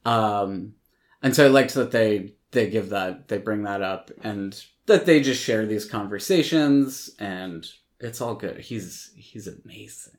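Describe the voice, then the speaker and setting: A podcast host with a fairly low voice walks through a film's plot in a loose, casual way. His talk rambles and is filled with likes and ums, with the odd swear word. He sounds conversational rather than scripted. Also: measured pace. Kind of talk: casual film recap.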